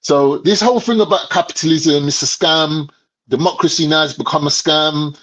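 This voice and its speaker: A man's voice: fairly high pitch, normal speed, a bit bright. A young man with a London accent, telling stories and chatting casually on a podcast, full of slang and swearing. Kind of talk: casual chat. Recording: slightly dull lo-fi sound.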